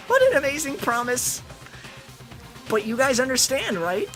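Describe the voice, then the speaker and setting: A man voicing a gleeful, sadistic bear headmaster in a high, sing-song, mocking voice while reading a game aloud, with light game music behind. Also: very animated, a little slow, a bit bright, heavily acted. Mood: gloating.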